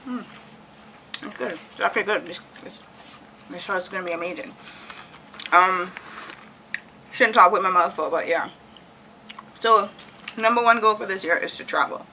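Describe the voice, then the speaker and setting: A woman in her thirties from Jamaica chats openly about her plans, often breaking into laughter. Her voice sits a little low, with a gravelly, fry-heavy texture and a bright, forceful edge. A faint hum of ambient noise runs under the home recording. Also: moderate pace, pauses often, poor audio. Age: 30s. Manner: chatty and candid, laughs often. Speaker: vlogger. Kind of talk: casual chat while decorating.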